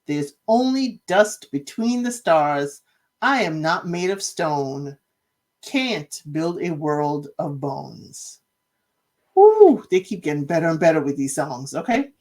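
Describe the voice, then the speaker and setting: A woman recapping a reality show in casual chat, retelling scenes with lively, acted-out quotes. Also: deep voice, slow pace. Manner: animated storytelling, acting out quotes.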